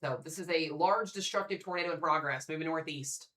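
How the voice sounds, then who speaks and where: A man's voice: fairly high pitch, a little fast, sharp tone. A young man hosting a live severe weather stream, talking casually and thinking aloud as he reads the radar and calls out to viewers. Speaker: severe weather livestream host. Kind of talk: live weather coverage commentary.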